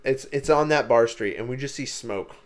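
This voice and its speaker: Brief: young male podcast co-host, mid-pitched, loose rambling storyteller who swears freely. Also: normal speed. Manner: rambling storyteller, lots of "like" and cursing. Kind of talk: casual chat.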